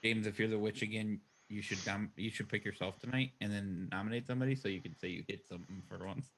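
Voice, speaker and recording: A man's voice: on the low side, steady tone, quick pace, fairly bright tone, a little hiss or hum. A man playing a social deduction game over a voice call, teasing the others and laughing often. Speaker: player. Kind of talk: casual game banter.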